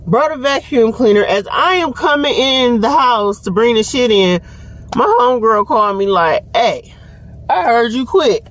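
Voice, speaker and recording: A young woman tells a story in a casual vlog, animated, laughing and quoting others as she goes. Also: fairly high pitch, moderate pace. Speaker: vlogger. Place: home and car.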